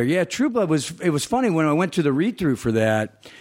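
A man's voice: on the high side, sing-song, a little fast, a little mellow. A man who is an actor, speaking with a slight Southern accent in casual, easygoing conversation. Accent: slight American Southern. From American South. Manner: easygoing, laughs often, restarts phrases. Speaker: actor, guest.

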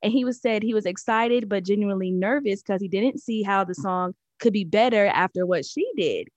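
A woman co-hosting a music news show, chatting in a relaxed, easygoing way and explaining things at length. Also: mid-range voice, brisk, no echo. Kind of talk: casual chat.

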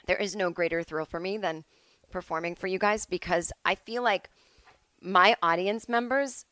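Here a woman with a lowish voice and a sharp tone talks at a moderate pace in her home podcast. There's no room sound, though the audio is poor. She rambles chattily on her own, frequently cutting herself off mid-thought.

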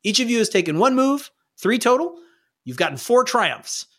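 A man narrating as game master of a tabletop game, playful and quick to laugh. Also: extremely high pitch, big pitch swings, fairly bright tone.

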